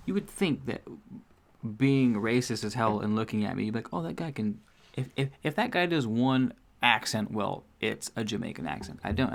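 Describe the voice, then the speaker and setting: A man's voice: medium pitch, gravelly. Man chatting casually on stream. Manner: rambling, profane, self-correcting. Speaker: streamer host. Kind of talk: casual livestream chat.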